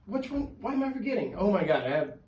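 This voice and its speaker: A man guesting on a podcast, telling his stories in casual chat, animated and full of fillers, swearing freely. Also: high-pitched, fast, noisy background. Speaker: podcast guest, pro wrestler. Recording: echoey room, mic at a distance.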